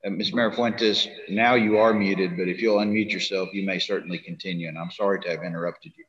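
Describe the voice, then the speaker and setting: A man's voice: sits low, steady tone, a bit bright. Polite man chairing a meeting. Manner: polite, courteous, slightly halting. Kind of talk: formal meeting moderation. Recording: dull lo-fi meeting audio.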